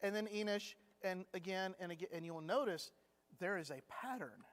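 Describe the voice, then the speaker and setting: Guy teaching a bible class, chatty funny storyteller, kinda high voice, big hall echo. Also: normal speed, a bit bright. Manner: chatty storyteller acting out anecdotes with humor. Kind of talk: conversational Bible lesson. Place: church classroom. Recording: long hall reverb.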